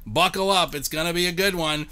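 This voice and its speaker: A man's voice: fairly high pitch, brisk, bright, forceful tone. A man in his thirties hosting a live-streamed game show, joking and chatting with viewers by name.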